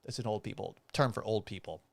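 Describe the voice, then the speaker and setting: A man in his thirties hosting a casual sports talk show, animated and blunt, often swearing. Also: lowish voice, quick pace, vocal fry, dry recording. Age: 30s.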